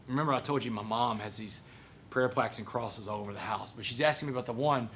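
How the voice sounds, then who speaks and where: A man's voice: mid-range voice, fast talker, fairly bright tone, a little hiss or hum. A man, a motivational speaker dramatically telling his own story to an audience and acting out other people's voices. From Port Arthur, Texas. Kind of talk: personal story told to an audience.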